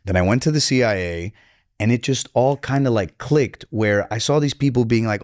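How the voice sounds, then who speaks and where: A young man from Miami with a Cuban-American accent tells a story on a podcast, slipping in and out of Spanish mid-sentence. He is excitable and profane, talks in quick bursts, and acts out the people in his story. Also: fairly low pitch. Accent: Miami Cuban-American English with Spanish code-switching. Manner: switches between English and Spanish mid-sentence, acts out voices. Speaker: podcast guest. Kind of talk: animated storytelling.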